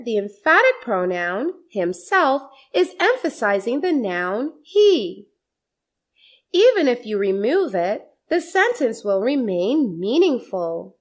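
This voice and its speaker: A woman teaching a scripted grammar lesson, explaining slowly and deliberately, with many repeated example sentences. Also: fairly high pitch.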